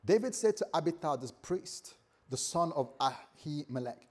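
A man's voice: on the high side, lively intonation, normal speed, darkish tone. A man preaching a conversational sermon, often repeating words and acting out the voices he quotes.

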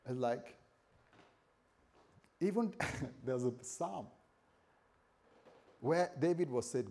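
A man's voice: mid-range voice, a little slow, gravelly, pauses often, warm tone, husky. A man preaching a conversational sermon, often repeating words and acting out the voices he quotes.

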